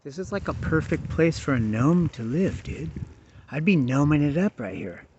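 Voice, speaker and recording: Out on a hillside, a man vlogs casually in laid-back stoner slang, swearing and calling everyone "dude" constantly. His voice is a little high and darkish, with lively intonation at a moderate pace. The lo-fi recording sounds dull, with background noise.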